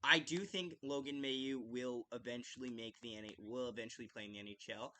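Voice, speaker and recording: A man's voice: medium pitch, fairly even intonation, a little fast, bright, forceful tone. A man hosting a live hockey watch-along podcast, ranting with passion and swearing, full of "like" fillers and restarts. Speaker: podcast host. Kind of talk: casual live-stream commentary.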